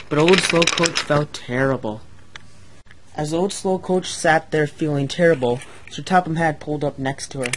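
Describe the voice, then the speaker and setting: A man tells a homemade toy-train story as narrator. His reading is plain and a little hurried, in a voice that sits somewhat high. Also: fairly even intonation, a little hiss or hum.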